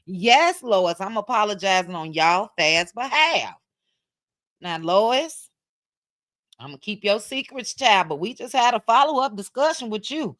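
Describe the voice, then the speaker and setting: A woman's voice: medium pitch, expressive, unhurried, a bit bright, dry recording, clean studio sound. A middle-aged woman hosting a casual late-night livestream chat at home, laughing and teasing as she reads her viewers' comments. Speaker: livestream host reading chat.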